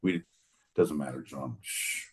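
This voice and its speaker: A man's voice: extremely low pitch, steady tone, takes it slowly, husky. A man co-hosting a podcast, rambling through crude jokes and laughing often in casual banter. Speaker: podcast co-host.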